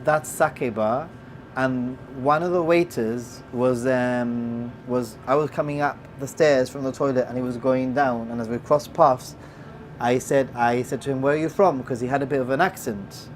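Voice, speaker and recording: A host from Gibraltar telling a story in casual chat, turning loud and excited as it goes. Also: medium pitch, moderate pace, a little hiss or hum. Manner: animated, gets loud and excited when retelling.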